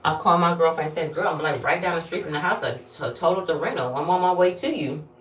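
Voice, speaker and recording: Low-voiced woman rambling in an echoey bathroom. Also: fast, slight background noise. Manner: candid, rambling, with swearing and acted-out quotes. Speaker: vlogger. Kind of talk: casual storytime vlog. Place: bathroom, during a bath. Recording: echoey bathroom, mic at a distance.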